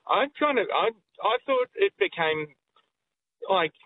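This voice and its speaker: A man's voice: high voice, very animated, measured pace, slight background noise. A man, joking and stammering as he chats on a radio show by phone. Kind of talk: casual radio chat. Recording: tinny phone line.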